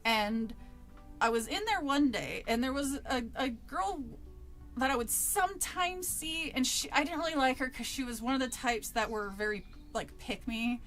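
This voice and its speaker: A woman's voice: high-pitched, moderate pace, a bit bright, faint music behind. A woman streamer casually telling a personal story, laughing often and swearing freely.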